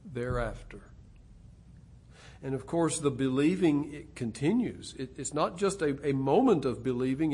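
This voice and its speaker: A middle-aged man preaching an expository sermon, slow and deliberate, rising to loud emphatic stresses. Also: medium pitch, breathy edge.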